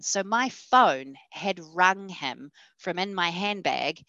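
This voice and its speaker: A woman with a New Zealand accent, a podcast guest telling her personal faith story in a lively way, acting out the voices of the people she quotes. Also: lowish voice, slow, dry recording, highs cut off.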